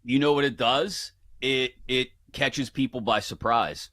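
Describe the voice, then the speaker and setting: Bright-voiced man with a Pittsburgh accent. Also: medium pitch, unhurried, dry recording, studio quality. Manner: chatty, storytelling, playful. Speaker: guest sports betting analyst. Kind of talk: casual radio chat.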